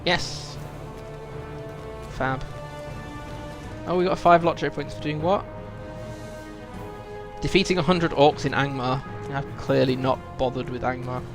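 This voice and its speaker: A man's voice: mid-range voice, level tone, measured pace, long pauses, over music. A British man streaming a video game, chatting reflectively with viewers, full of ums and restarts. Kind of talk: casual live-stream chat while playing.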